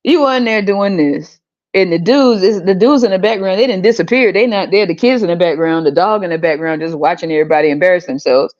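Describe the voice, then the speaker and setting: A woman's voice: on the low side, fairly quick, a little mellow. Blunt, exasperated woman ranting on a lo-fi recording. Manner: blunt, exasperated, swears freely. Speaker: podcast host. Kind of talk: casual ranting commentary.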